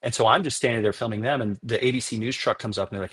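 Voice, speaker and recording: A man on a podcast interview, explaining things at length and telling animated stories from his filming work. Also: medium pitch, racing, breathy edge. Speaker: documentary filmmaker guest.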